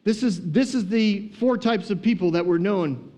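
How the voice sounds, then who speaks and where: A man teaching on a casual podcast, retelling a story in a lively, humorous, conversational way. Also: high voice, moderate pace.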